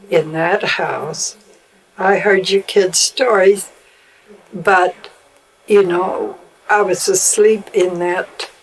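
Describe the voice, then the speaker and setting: An older woman, a mother, telling family stories in a halting way that trails off. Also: lowish voice, husky, low-quality recording. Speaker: mother recalling family memories. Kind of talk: casual family storytelling.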